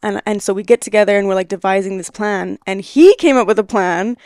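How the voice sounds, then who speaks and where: A woman in her twenties, a podcast guest, telling a personal story in casual conversation, animated and laughing often as she acts out what people said. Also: mid-range voice, brisk, dry recording, studio quality. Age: 20s.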